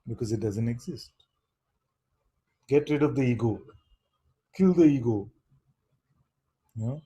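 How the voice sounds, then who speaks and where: Male spiritual teacher with a mellow, husky voice. Unhurried and questioning, he keeps checking in with "you see?". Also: mid-range voice, rough recording. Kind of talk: satsang talk to seekers.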